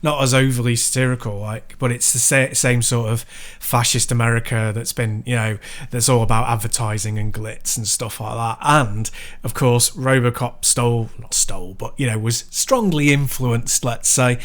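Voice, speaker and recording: A man's voice: medium pitch, steady tone, normal speed, a bit bright. A man co-hosting a podcast, talking casually with hedging asides. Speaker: podcast co-host. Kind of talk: casual chat.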